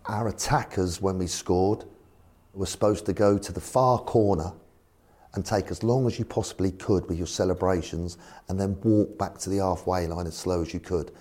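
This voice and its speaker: A man's voice: low voice, normal speed. A man, a former football manager, telling anecdotes in an interview, acting out the voices of the people in them. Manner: animated storyteller acting out voices.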